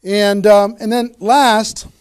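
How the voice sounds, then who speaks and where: Man, fairly high voice, motivational sales trainer, emphatic, repeats key phrases. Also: steady tone, slow, clean tone. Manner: emphatic, repeats key phrases, frequent "okay?" check-ins. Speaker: network marketing trainer.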